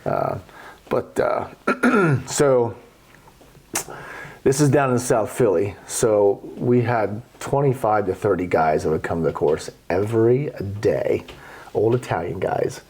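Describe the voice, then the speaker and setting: A middle-aged man telling golf stories casually on a podcast, animated and blunt with frequent swearing. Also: lowish voice, slow, breathy edge. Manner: profane, animated storyteller. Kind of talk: casual storytelling.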